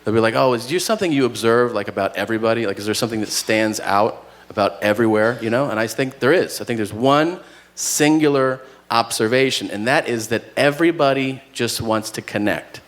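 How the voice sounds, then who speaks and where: A man's voice: mid-range voice, brisk. A man doing a stand-up comedy set with dry storytelling, acting out both sides of conversations. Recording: noisy live comedy venue.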